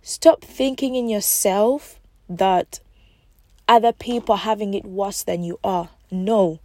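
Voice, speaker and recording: A woman's voice: medium pitch, slow pace, mellow, no room sound. Encouraging woman hosting a solo podcast. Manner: encouraging, repetitive, speaks directly to listeners. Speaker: podcast host and life coach. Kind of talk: casual solo podcast talk.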